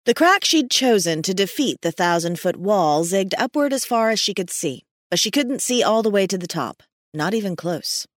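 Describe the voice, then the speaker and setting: A woman narrating an audiobook in a steady, measured storytelling manner. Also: medium pitch, no echo, studio quality.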